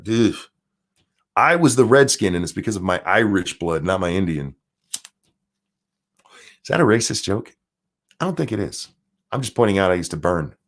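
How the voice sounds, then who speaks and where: A man hosting a live stream, ranting and mocking in casual, profane commentary. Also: vocal fry. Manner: profane, mocking rant with sudden pitch jumps. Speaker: streamer and show host.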